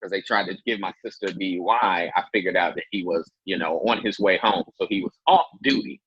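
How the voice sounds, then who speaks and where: Low husky man telling a story. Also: fairly quick, no room sound, muffled recording. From Indianapolis, Indiana. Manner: animated storyteller, acts out quotes in a much higher voice. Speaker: guest, comedian. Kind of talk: casual interview storytelling.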